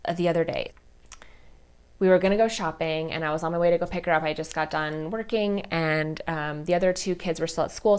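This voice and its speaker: A woman hosting a podcast, telling a personal story in an open, emotional way, full of "like" and "you know". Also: deep voice. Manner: chatty, many fillers like "like" and "you know"; open and emotional about grief. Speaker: podcast host.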